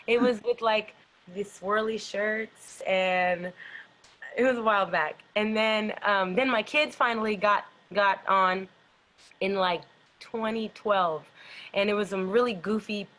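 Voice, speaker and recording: Middle-aged woman, dance company founder, casual interview, rambling, lots of fillers, mid pitch. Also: a little slow, fairly bright tone, rough recording. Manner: rambling, filler-heavy storytelling.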